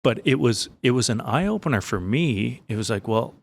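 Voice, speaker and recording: A man's voice: mid-range voice, lively intonation, moderate pace, creaky, slightly rough. A man co-hosting a business podcast, telling stories in a joking, casual way with lots of restarts. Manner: storytelling, joking, many restarts. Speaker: podcast co-host.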